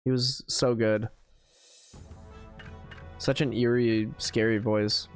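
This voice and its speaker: A man's voice: medium pitch, fairly even intonation, takes it slowly, soft background music. A man streaming a game with casual commentary, chatty and rambling, with lots of filler words.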